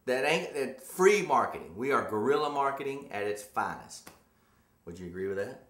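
A man's voice: mid-range voice, big pitch swings, moderate pace, fairly bright tone. A man hosting a loose talk show, spinning long rambling stories and ribbing his co-host. His voice sits in an ordinary middle range. The sound is roomy and echoey. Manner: rambling storyteller, teasing. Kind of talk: casual chat. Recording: echoey room.

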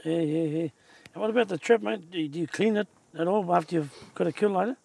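Nz guy with a high, raspy-fried voice, chatty outdoor host, guitar music playing behind. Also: fast talker, a little mellow, no room sound. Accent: New Zealand. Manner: upbeat, slangy, addresses viewers directly. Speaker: hunting show host. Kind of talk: outdoor on-camera chat. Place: outdoors in the bush.

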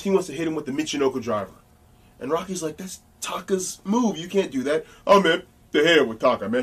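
A man as an interview guest, telling casual anecdotes in an animated, blunt way with some profanity. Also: medium pitch, breathy edge, distant mic.

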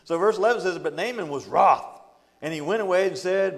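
A man's voice: high-pitched, brisk, gravelly. A man teaching a Bible study as pastor, reading scripture aloud and retelling it in a folksy, joking way, often laughing between points. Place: church. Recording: long hall reverb.

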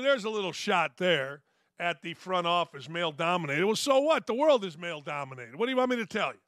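A middle-aged male sports talk host on a full rant, blunt and sarcastic, scoffing at his critics. His voice sits high and comes across bright and sharp. The studio sound is dry and close, with no room echo. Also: animated, fairly quick. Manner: blunt, sarcastic, mocking, laughs at his own jokes.

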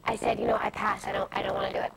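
Young woman, TV interview guest, rapid anecdotal delivery, noisy broadcast audio. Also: mid-range voice, vocal fry. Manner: fast, animated anecdote-telling with many asides. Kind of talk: candid storytelling interview.

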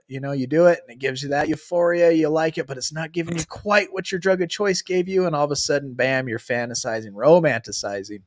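A man hosting a casual recovery podcast stream, reading passages and explaining them in lively, laughing talk. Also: a little high, a little fast, hardly any pauses, no echo, studio quality. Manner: animated, laughs often, reads passages then explains.

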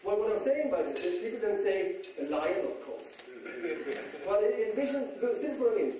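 A man's voice: sits high, quick pace, a crowd in the background. A man from Germany with a German accent, giving a joking public talk to an audience and often checking in with "okay?". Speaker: speaker. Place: talk venue. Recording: echoey hall from far off, faint noise.

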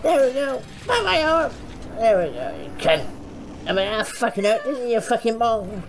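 A woman host giving foul-mouthed, excitable let's play commentary, shouting insults at the game. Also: on the high side, normal speed, noisy background. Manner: excitable, frequent panicked outbursts. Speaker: gaming channel host.

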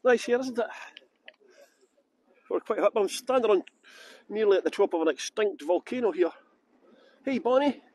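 A man's voice: sits high, animated, normal speed, long pauses, darkish tone, slightly rough. A Scottish man giving a live-streamed tour outdoors on a windy hilltop, chatting with viewers and laughing often. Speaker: tour guide. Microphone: good external microphone.

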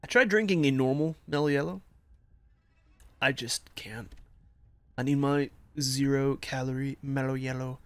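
A man's voice: mid-range voice, a little slow, long pauses, a bit bright, clean tone, no room sound. Man, gameplay streamer, casual rambling commentary, self-mocking, reads game text aloud.

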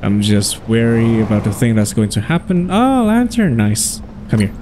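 A man's voice: mid-range voice, lively intonation, normal speed, few pauses, background noise. A man hosting his own gaming videos, chatting casually and thinking aloud as he plays. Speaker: gaming channel host. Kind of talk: casual let's-play commentary.

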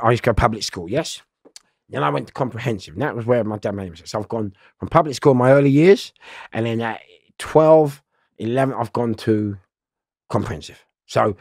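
A middle-aged man, telling prison stories loudly in an interview. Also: mid-range voice, vocal fry, slightly rough, no room sound, studio quality. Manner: loud, lively, laughing storyteller. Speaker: interview guest. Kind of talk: storytelling in an interview.

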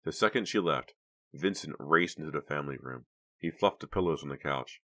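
A man narrating an audiobook in steady, measured scripted narration. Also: very deep voice.

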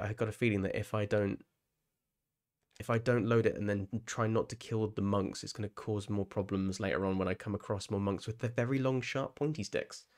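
A young English man chatting casually while streaming a game live, rambling, restarting his phrases and laughing often. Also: lowish voice. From England.

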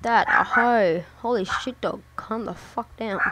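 A woman's voice: a little high, a little slow, hardly any pauses, noisy background. A woman giving casual let's-play commentary, muttering to herself and swearing often as she plays. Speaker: gameplay commentator.

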